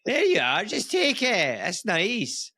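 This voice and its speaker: A man puts on a high-pitched Scottish shopkeeper who pushes goods on everyone for free. His voice swings up and down, bright and lively. The sound is dry and close. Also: slow pace, no echo, heavily acted. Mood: eager. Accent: put-on Scottish. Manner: pushy, giving everything away. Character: overly generous Scottish male shopkeeper.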